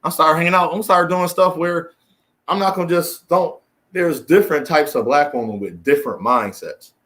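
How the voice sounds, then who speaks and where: Speaking at normal speed with a slightly bright tone, a man from the United States hosts a commentary show alone, lecturing emphatically. Exasperation frequently pushes his voice upward, and he keeps circling back to the same phrases.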